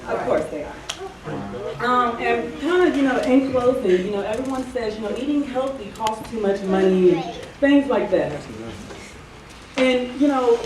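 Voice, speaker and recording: A woman talking casually to an audience, chatty and full of fillers. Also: on the high side. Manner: chatty, many fillers like um and you know. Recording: echoey room from far off, crowd audible.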